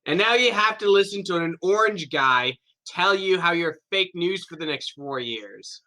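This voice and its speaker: Brash young male podcast co-host, bright voice, swears and laughs a lot. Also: high voice, lively intonation, moderate pace, few pauses. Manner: loud, profane, laughing, mock voices. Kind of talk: casual comedic chat.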